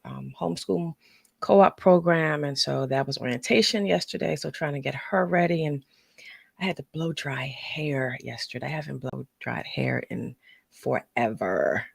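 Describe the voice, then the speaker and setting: A woman's voice: a bass voice, vocal fry, breathy edge, dry recording, clean studio sound. A woman co-hosting a casual morning show, chatty and easygoing but tired. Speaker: co-host.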